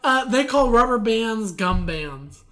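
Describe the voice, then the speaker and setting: A woman's voice: on the high side, lively intonation, slow pace, a bit bright. A woman from Eastern Pennsylvania co-hosting a casual podcast, explaining regional slang in a playful, opinionated way. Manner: explanatory, playfully opinionated, talks through laughs. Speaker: podcast co-host. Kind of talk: casual chat.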